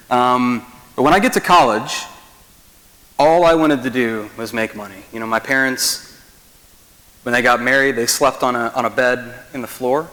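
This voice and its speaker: A man's voice: medium pitch, fairly bright tone. A young man from Kentucky giving a casual keynote speech to an audience, loose and chatty with many ums and likes. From Kentucky, USA. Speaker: keynote speaker. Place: large hall. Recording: long reverb of a big hall.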